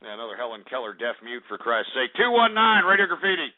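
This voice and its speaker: A man's voice: medium pitch, sing-song, fast talker. A man hosting a call-in radio show, brash and mocking, trading insults with callers. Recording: phone-like lo-fi broadcast audio.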